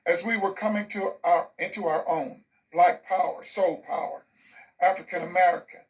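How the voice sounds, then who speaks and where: A man's voice: high-pitched, steady tone, moderate pace, distant mic, rough recording. A man in his sixties, an author telling stories in an interview, emphatic and fond of rhythmic lists. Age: 60s. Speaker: author and guest. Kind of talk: interview storytelling.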